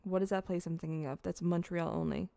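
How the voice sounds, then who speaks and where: A woman's voice: on the low side, fast, creaky, warm tone, no room sound. A young woman streaming, chatting casually to her viewers while eating, rambling and swearing freely. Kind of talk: casual livestream chat, eating on camera.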